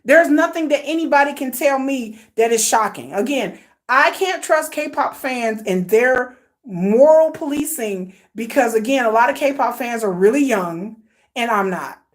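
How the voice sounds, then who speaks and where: A woman with a high-pitched voice hosts a livestream and speaks her mind bluntly. She is an older fan who talks in casual slang and calls her viewers y'all. She hammers her points home with repeated lists and rhetorical questions. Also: expressive, unhurried. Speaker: host. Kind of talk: livestream commentary rant.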